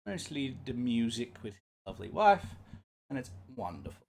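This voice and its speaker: A man casually narrating a shared video game session, unhurried and full of ums and uhs. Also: mid-range voice, very animated, creaky, darkish tone, slight background noise.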